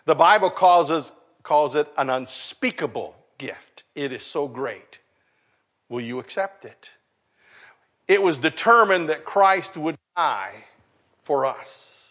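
Slow-preaching high-voiced man pastor. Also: lively intonation. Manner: preaching with rising emphasis and trailing soft endings. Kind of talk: sermon.

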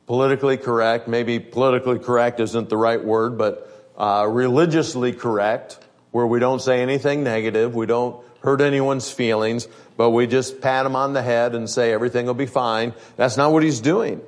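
A male preacher giving a sermon, reading scripture aloud and explaining it in plain conversational words, slowing down to stress his points. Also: medium pitch, fairly even intonation.

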